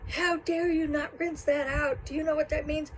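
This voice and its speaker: A woman voicing her furious, abusive grandmother, scolding in a shrill, raised voice. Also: level tone, normal speed, a little hiss or hum, lightly acted, low-quality recording.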